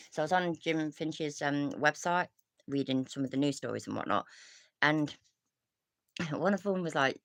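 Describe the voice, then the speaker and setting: A female commentary streamer delivers a rambling, casual rant full of swearing, restarts and sighs. Her voice rumbles low and creaky, with a dry, close sound and no room echo.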